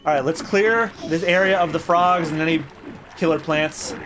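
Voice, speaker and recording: A man's voice: a little high, moderate pace, noisy background. A man hosting a let's play, giving casual, joking and sarcastic gameplay commentary. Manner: joking, sarcastic, swears freely.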